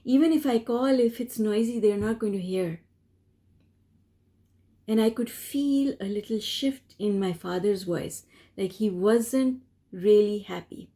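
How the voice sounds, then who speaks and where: Woman, spiritual teacher; mellow, unhurried, gentle storyteller. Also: medium pitch. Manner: gentle, measured and earnest. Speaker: spiritual teacher answering a viewer question. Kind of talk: reflective personal storytelling.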